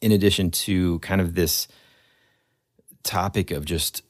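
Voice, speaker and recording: A man's voice: low-pitched, fairly even intonation, a little slow. A man hosting a podcast in casual chat, wryly steering the recording along. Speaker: podcast host.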